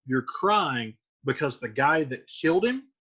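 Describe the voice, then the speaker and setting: A man's voice: mid-range voice, expressive, unhurried, sharp tone, slightly rough, lo-fi sound, heavily acted. A man voicing an impatient, scolding noblewoman mother, paraphrasing her dismissively in modern slang.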